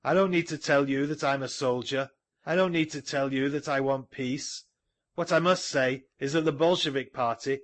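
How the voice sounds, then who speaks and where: A man voicing a husky, sleepless military commissar giving a forceful rallying speech to soldiers in a storybook reading. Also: on the high side, pitched above the performer's own voice, close to an everyday voice. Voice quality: husky with fatigue.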